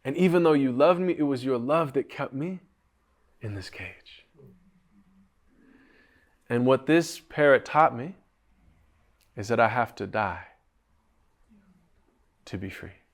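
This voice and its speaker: A man voicing a caged talking parrot longing for freedom, in a quiet, confessional tone that softens at the ends of phrases. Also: medium pitch, lively intonation, slow pace, long pauses. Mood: wistful.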